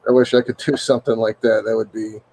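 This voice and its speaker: A man's voice: on the low side, level tone, fast talker, dark tone, slight background noise. Laid-back guy on a stream, plain talk, easygoing. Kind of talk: casual livestream chat.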